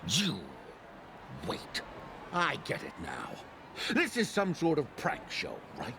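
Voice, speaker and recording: A man's voice: on the high side, huge pitch swings, slow pace, noisy background, exaggerated voice. A grumbling grumpy old man. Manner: grumbling, lecturing. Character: grumpy old man, jaded film critic. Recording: game audio over clear music.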